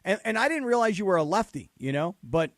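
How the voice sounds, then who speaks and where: A man hosting a sports radio show, talking in casual, teasing banter and spinning animated stories. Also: sits high, quick pace. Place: radio studio.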